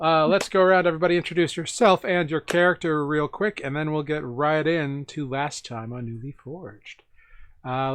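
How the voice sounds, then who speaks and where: A man's voice: fairly high pitch, fairly bright tone, clear, resonant tone, no room sound. A man running a tabletop game as dungeon master, recapping the last session in a chatty, self-correcting way with apologetic asides.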